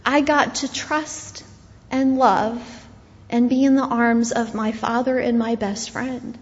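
A woman's voice: a little high, steady tone, slow pace. A woman giving an earnest personal testimony as a guest speaker, telling her story while grieving. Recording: dull sound with long hall reverb.

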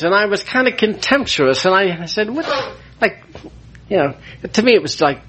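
A man's voice: high voice, moderate pace, long pauses. A man, a priest, giving an emotional personal testimony about his recovery. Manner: emotional, animated storyteller.

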